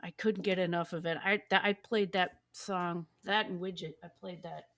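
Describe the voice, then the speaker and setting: A woman's voice: fairly low pitch, steady tone, normal speed, fairly bright tone. A woman hosting a podcast, chatting casually and enthusiastically about a favorite band, swearing freely and often restarting her sentences. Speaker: podcast host. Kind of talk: casual music chat.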